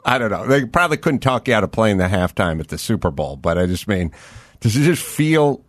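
A man's voice: on the low side, big pitch swings, a little fast, dry recording, clean studio sound. A man hosting a podcast interview, asking questions in a joking, conversational way. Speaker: podcast host. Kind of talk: casual interview chat.

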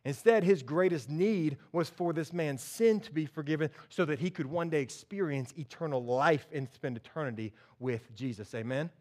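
A man preaching a sermon in a church, telling a story with lively acted-out voices. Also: a little high, normal speed, few pauses. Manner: animated storytelling, acts out characters. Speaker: pastor.

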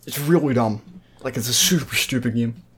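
A man's voice: medium pitch, normal speed, a crowd in the background. Blunt, opinionated man on a podcast. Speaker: podcast co-host. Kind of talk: casual podcast chat.

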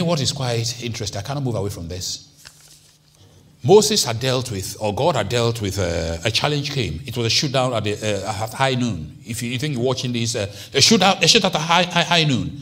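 Male pastor, sermon voice, mid pitch, lively rises and falls, drops to near-whispers then booms. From Nigeria. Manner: animated preaching with sudden swings from hushed to loud.

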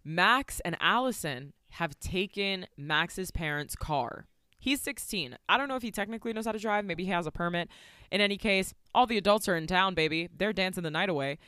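A woman podcast co-host recapping a movie in a casual, profane, animated storytelling style. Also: on the low side, brisk, clear, resonant tone, dry recording, clean studio sound.

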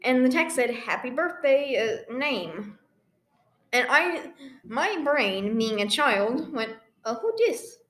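A woman's voice: high voice, animated, slow pace, fairly bright tone. A young woman co-hosting a casual podcast, telling rambling stories and acting out quoted lines. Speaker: podcast co-host. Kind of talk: casual chat. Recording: echoey room.

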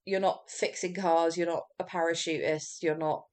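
In a lowish, steady, darkish voice, a woman casually recounts a true crime story for a podcast. She's chatty, laughs often, and throws in the odd curse.

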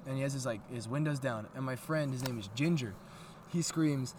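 A young man co-hosting a podcast, telling stories in a loose, profane, animated way, recorded outdoors at night. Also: mid-range voice, brisk, a crowd in the background. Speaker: podcast co-host. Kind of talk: casual storytelling chat. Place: outdoors at an abandoned aqueduct at night.

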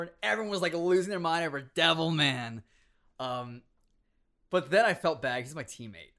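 A man in his twenties casually telling stories about competitive gaming, animated, laughing often and acting out quotes. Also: on the high side, normal speed. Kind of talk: casual storytelling chat.

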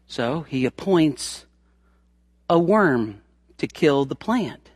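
A man's voice: on the high side, expressive, slow pace, long pauses, breathy edge, no room sound, studio quality. A man preaching a sermon in an emphatic, folksy way, acting out the scripture quotes as he goes.

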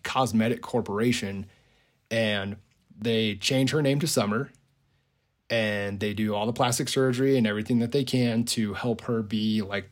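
A man's voice: mid-range voice, darkish tone. A man casually retelling a movie idea on a podcast, rambling with lots of "like" and frequent chuckles. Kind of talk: casual storytelling.

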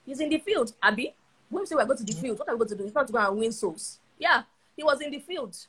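A woman teaching scripture over a phone live stream. Her voice sits a little high and sounds husky and breathy. She preaches with animation and hammers her points by repeating them. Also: fast, poor audio. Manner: animated, acting out voices, repeating phrases for emphasis. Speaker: Bible teacher.

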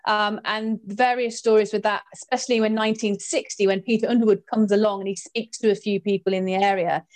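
A woman guest recounting a ghostly experience in a lively, expressive way, her voice jumping up in pitch at the dramatic moments. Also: a little fast. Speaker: guest storyteller. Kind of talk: animated anecdote telling.

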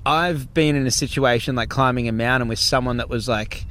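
Relaxed host, mid-pitched man who rambles through questions. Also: a little fast, slight background noise. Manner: relaxed, rambling, heavy use of "like". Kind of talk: casual podcast chat.

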